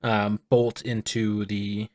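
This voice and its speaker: A man running a tabletop game as game master, narrating the scene in a relaxed way with frequent ums and uhs. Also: on the low side, slow, no echo, studio quality.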